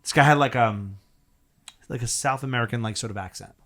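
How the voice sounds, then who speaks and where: A comedian guest on a podcast rambles through a profane story in casual conversation, laughing often and restarting as he goes. His voice is mid-range and a bit bright, and he talks a little fast.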